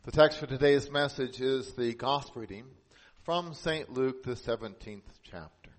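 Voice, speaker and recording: A pastor preaches a sermon earnestly in a mid-range voice, lifting it for emphasis and dropping soft and slow on key points.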